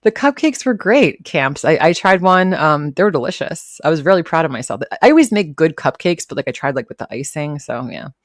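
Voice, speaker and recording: A woman with a low voice chats casually on her live stream, rambling between posts and greeting viewers by name. Her voice is recorded close and dry, with no room sound around it. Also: big pitch swings, a little fast, hardly any pauses, dry recording. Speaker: livestream host reacting to commentary.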